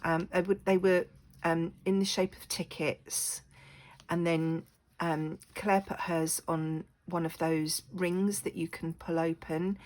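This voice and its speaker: A woman's voice: on the low side, little pitch movement, takes it slowly, darkish tone, rough recording. A woman recovering from a cough, chatting casually in her home craft room, apologetic, with many ums. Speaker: crafting vlogger. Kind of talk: casual chat.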